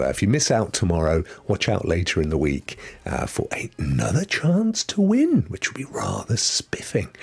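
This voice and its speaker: Middle-aged guy rambling on his live stream, low husky voice, bounces up and down a lot. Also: darkish tone. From London. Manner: chatty, rambling, drops into whispered asides. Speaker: host. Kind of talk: casual live-stream chat.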